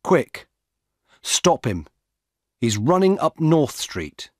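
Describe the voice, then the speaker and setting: A man voicing Dan, a calm, firm male police officer, in a plain matter-of-fact way. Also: on the high side, very slow, dry recording, clean studio sound, voice pushed up, full character voice.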